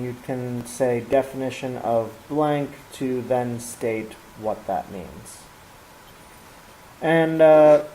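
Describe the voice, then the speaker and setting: A man's voice: mid-range voice, mellow, slight background noise, poor audio. A man explaining a geometry lesson step by step, with fillers and restarts. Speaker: math teacher.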